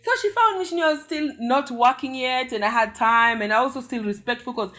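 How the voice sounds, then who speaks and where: A young woman from Africa telling a story casually, animated and acting out sounds with her mouth. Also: a little high, brisk. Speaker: vlogger.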